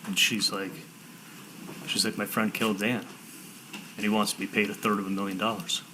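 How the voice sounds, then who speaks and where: A man testifying as a defendant in a courtroom, telling his story in halting sentences with repeated words and "I'm like" quotes. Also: lowish voice, level tone, background noise.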